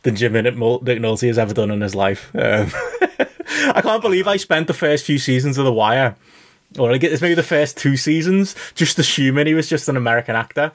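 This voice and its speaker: A man's voice: medium pitch, moderate pace. A man from the UK hosting a podcast in casual chat, wry, often laughing and swearing. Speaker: podcast host.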